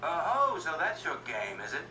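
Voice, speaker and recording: Man voicing a brash young man, rough, blunt, scornful, raised voice, distant mic. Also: on the high side, wildly swooping pitch, normal speed, sharp tone, a little hiss or hum, voice pushed up, full character voice. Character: brash young merchant's son, rough, impatient. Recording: roomy echo, distant mic, music behind.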